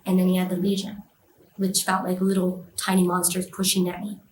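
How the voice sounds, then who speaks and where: A woman's voice: on the low side, monotone, a little fast, a little mellow, roomy sound, poor audio. A woman telling a personal experience in an interview, emotional and vivid, acting out the voices of others. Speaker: interview guest.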